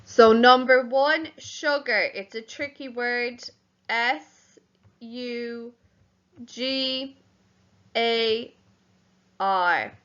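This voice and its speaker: A woman primary school teacher giving a home learning lesson, spelling words out slowly letter by letter. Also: fairly high pitch, a bit bright, clean tone, dull audio.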